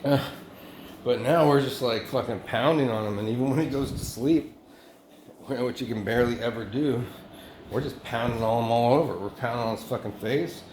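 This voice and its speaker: A man's voice: medium pitch, a little mellow, reverberant, a little hiss or hum, poor audio. A man talking in a rambling self-recorded monologue, swearing often and restarting his sentences. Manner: profane, halting, many restarts and fillers. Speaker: vlogger.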